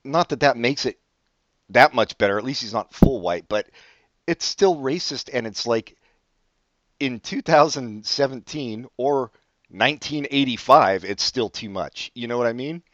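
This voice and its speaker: A man's voice: medium pitch, measured pace, a bit bright, no room sound, muffled recording. A man co-hosting a casual podcast chat, wry and swearing casually, often restarting his sentences. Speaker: podcast co-host.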